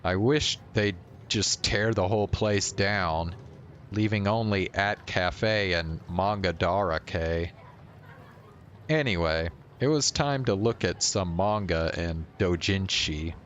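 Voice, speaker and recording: A man's voice: sits low, takes it slowly, a bit bright, a little hiss or hum. A male streamer reading a visual novel aloud and breaking off now and then for offhand remarks and chuckles.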